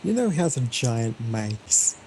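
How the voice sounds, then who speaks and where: Player, man, mid-pitched, dry teasing asides at the table. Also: very animated, unhurried, darkish tone, husky. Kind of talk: casual tabletop chat.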